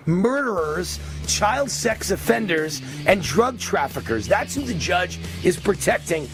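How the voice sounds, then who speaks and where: Loud ranting New York man. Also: high voice. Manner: loud, ranting, emphatic delivery. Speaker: show host. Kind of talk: live political commentary.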